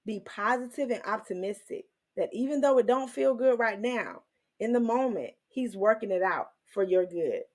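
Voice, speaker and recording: A woman hosting her own faith channel, teaching and testifying in an emotional, animated way, with some in her speech. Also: fairly high pitch, moderate pace. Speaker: Christian women's channel host.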